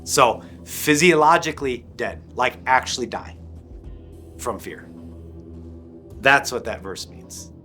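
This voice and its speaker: A man telling an emotional personal testimony, rambling and intense, full of restarts and "like", sometimes sinking to a hushed low voice. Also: expressive, slow pace, pauses often, faint music behind. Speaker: guest sharing a personal testimony.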